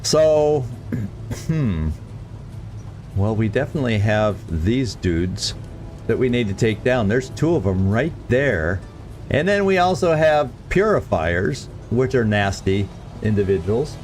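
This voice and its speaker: A man's voice: lowish voice, sing-song, slow pace, darkish tone, faint music behind. Man chatting through a game stream. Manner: chatty, self-correcting, stumbles over words. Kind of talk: let's play commentary.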